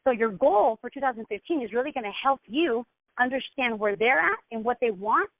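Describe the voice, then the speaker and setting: Through a narrow, phone-like line with no room echo, a woman mentor with a slightly high voice coaches her team on running a session. Animated and brisk, she is direct and instructive, checking in with "okay?" after each point.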